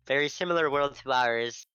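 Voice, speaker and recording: A man's voice: medium pitch, unhurried, pushed and bright, clean tone, no room sound, dull audio. A man chatting casually as a player, describing his character in a rambling, self-mocking way. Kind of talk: casual chat about a tabletop game.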